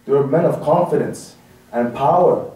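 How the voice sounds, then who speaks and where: A man preaches from a distance in a big echoing mosque hall, with a high, mellow voice. He hammers his listeners with rhetorical questions. The reverb hangs on every phrase. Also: moderate pace. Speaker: speaker at a religious gathering. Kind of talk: Muharram majlis sermon. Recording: echoey hall, from far off.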